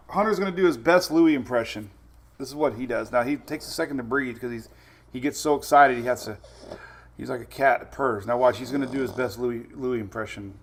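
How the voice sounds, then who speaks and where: Chill guy hosting a weather stream, gravelly voice, chuckles a lot, talks back to chat. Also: medium pitch, brisk, a little hiss or hum. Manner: laid-back, chuckling, answers viewer comments. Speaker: weather livestream host. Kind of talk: casual live-stream chat.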